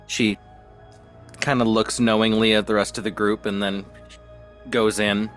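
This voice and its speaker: A man playing in a tabletop game, talking casually and low-key. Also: flat delivery, a little slow, a bit bright, faint music behind. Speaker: player.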